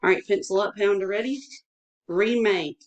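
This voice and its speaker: A woman's voice: mid-range voice, moderate pace, highs cut off. A woman teacher guiding a one-on-one dictation lesson, patient and encouraging, breaking words into syllables.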